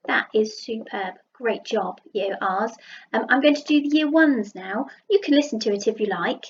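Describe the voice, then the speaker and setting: A woman with a Southern English accent teaching a phonics lesson to young children, sounding out letters slowly and praising them. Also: fairly high pitch, lively intonation, muffled recording, a little hiss or hum. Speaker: primary school teacher. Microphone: computer mic while writing with a mouse.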